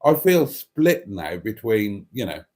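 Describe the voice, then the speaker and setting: A man's voice: fairly low pitch, sing-song, slow, warm tone. An older Welsh man hosting a casual live stream, theatrical and chatty, calling his viewers darlings. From Wales. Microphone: microphone and tablet.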